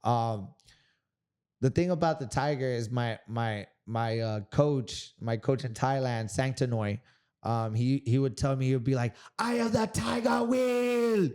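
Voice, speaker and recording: Animated, foul-mouthed man with a smooth voice. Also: medium pitch, a little slow. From Miami, Florida. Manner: animated, profane storyteller. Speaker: guest kickboxer. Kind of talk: casual storytelling interview.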